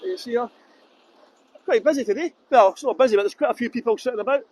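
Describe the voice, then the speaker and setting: A man's voice: very high-pitched, lively intonation, quick pace, dull audio, background noise. Chatty Scottish man guiding a tour. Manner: chatty, rambling, reads viewer comments aloud. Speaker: tour guide. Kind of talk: live walking tour, casual chat. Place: outdoors on a waterfront.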